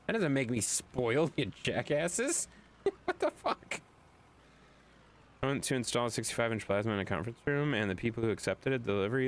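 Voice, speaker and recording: A man's voice: medium pitch, a bit bright. A man streaming a game, chatting loosely with viewers, swearing and laughing often. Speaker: gaming streamer. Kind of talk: casual chat while playing.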